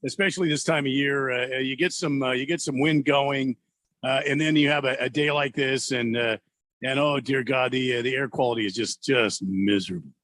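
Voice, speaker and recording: Halting sports radio co-host man. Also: mid-range voice, fairly even intonation, a bit bright, no room sound. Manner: halting, many uh fillers, plain-spoken. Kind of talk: casual sports talk radio.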